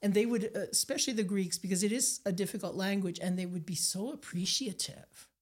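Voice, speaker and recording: An older woman from Nova Scotia, a guest telling animated stories in an interview, acting out the people she quotes. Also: medium pitch, a little fast. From Nova Scotia, Canada. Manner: animated anecdotes, acts out quoted voices. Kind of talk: storytelling interview.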